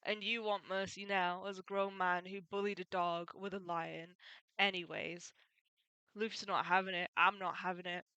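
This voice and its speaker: A woman's voice: fairly low pitch, little pitch movement, normal speed, bright, forceful tone, smooth, no room sound, poor audio. A woman retelling a comic story in a casual, chatty way, adding opinionated and fond asides. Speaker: manga recap YouTuber.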